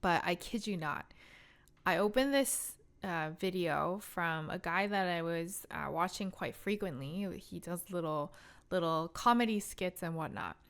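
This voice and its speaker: A woman in her thirties from Korea, telling a personal story to camera in a candid, animated way with frequent laughs. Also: on the low side, a little slow. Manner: animated, candid, laughs often, self-deprecating asides. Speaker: vlogger.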